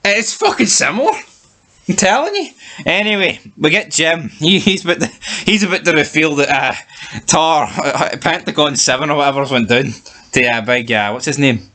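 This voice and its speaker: Ranting man, bright tense voice. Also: on the high side, moderate pace. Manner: animated, swears freely, rants. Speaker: TV review podcast co-host. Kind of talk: casual review chat.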